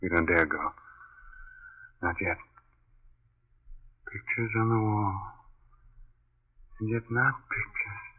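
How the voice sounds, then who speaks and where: An awestruck, hushed husband. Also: male voice, on the low side, takes it slowly, pauses often. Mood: awed. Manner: hushed, awed, urgent. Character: awestruck husband watching ghosts. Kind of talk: 1930s radio drama acting. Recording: muffled old radio recording.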